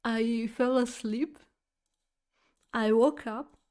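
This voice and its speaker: A woman's voice: fairly high pitch, fairly even intonation, drawn-out words, a little mellow. A woman streamer chatting casually with her viewers, rambling through a story with lots of fillers, restarts and giggles. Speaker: streamer talking to chat. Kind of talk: casual chat, telling a nightmare story.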